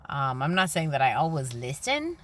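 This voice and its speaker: Woman, rambling spiritual vlog, low voice that swings widely, faint traffic hum behind. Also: normal speed. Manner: rambling, earnest, animated. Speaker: spiritual vlogger. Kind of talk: casual spiritual talk. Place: parked car by a busy highway. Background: traffic noise.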